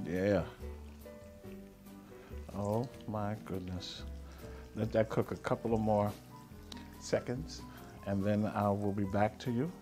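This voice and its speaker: A man's voice: on the low side, fairly even intonation, slow, pauses often, over music. A middle-aged man hosting a cooking show, talking casually and playfully, humming and chuckling as he cooks. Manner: chatty and playful, hums and chuckles while cooking.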